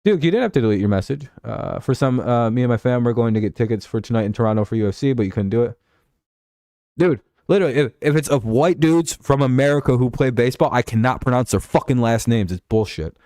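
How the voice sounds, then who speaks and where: A man's voice: mid-range voice, animated, fast, dark tone, no room sound, studio quality. A young man hosting a live stream, chatting casually about football in a rambling, profane way and reading out chat messages.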